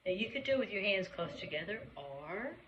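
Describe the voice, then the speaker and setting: A woman's voice: medium pitch, very animated, brisk, lo-fi sound. A woman piano teacher giving a patient, chatty recorded lesson, singing the note names along as she plays. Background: piano playing.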